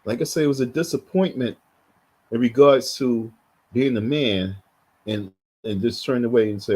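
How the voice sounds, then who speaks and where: A man's voice: medium pitch, a little slow, long pauses, darkish tone, slightly rough, rough recording. A man giving heated, blunt live commentary, repeating himself as he reacts. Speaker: livestream commentator.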